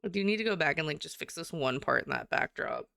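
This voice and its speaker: A woman's voice: low-pitched, expressive, fast talker, vocal fry, sharp tone, no echo, clean studio sound. A young woman artist chatting casually and giggling while she draws live on stream. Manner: chatty and giggly, rambling with frequent laughs. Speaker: artist livestreamer.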